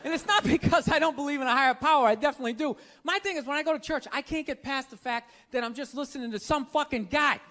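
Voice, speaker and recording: A man doing a stand-up comedy set, ranting profanely and shouting his punchlines with incredulous disbelief. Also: extremely high pitch, fast talker, hardly any pauses. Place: comedy club stage with audience. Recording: live stand-up with crowd noise. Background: audience laughter.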